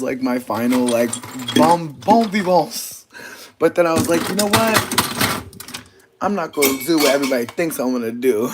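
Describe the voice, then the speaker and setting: Gravelly man ranting a storytime. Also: medium pitch, heavy background noise. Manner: profane, emotional, rambling with fillers. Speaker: vlogger. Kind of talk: candid storytime rant.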